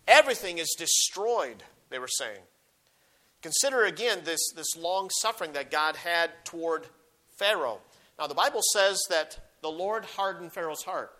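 High, bright-voiced man preaching a sermon. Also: expressive, moderate pace. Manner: reads scripture aloud with rising emphasis, then explains; frequent restarts and repeated words.

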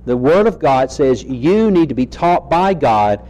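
A man preaching an expository sermon, reading scripture slowly and asking rhetorical questions as he teaches. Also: medium pitch, big pitch swings, mellow, highs cut off.

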